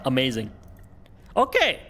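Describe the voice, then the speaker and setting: A man who is not a native English speaker, streaming a horror game with excitable, exclaiming commentary. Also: medium pitch, a little slow, very noisy.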